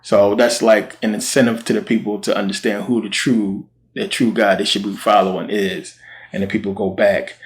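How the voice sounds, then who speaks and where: A man casually retelling a Bible story in slangy speech, acting out what the characters say. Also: lowish voice. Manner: slangy, animated quoting of characters.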